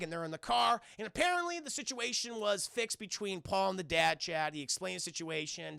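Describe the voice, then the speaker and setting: Man, casual film recap for stream chat, profane, acts out characters, gravelly, dry close sound. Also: high voice, dry recording. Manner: profane and animated, acting out characters in quick voices.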